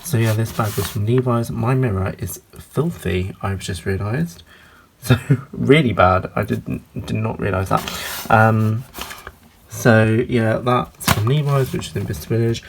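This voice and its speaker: A man's voice: lowish voice, vocal fry, a little hiss or hum. A man from England chatting through a rambling home vlog, filmed up close on a phone in a small home. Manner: chatty, rambling, with fillers and apologies. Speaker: vlogger. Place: small home, kitchen and bedroom. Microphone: handheld phone camera, filming up close.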